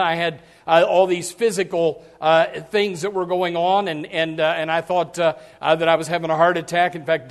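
Very high-voiced folksy man preaching. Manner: folksy, repetitive restarts, acts out quotes. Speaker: pastor. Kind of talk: sermon.

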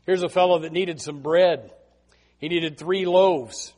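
A man preaching a sermon as a pastor, telling Bible stories in an animated way and often repeating his words. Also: fairly high pitch, measured pace.

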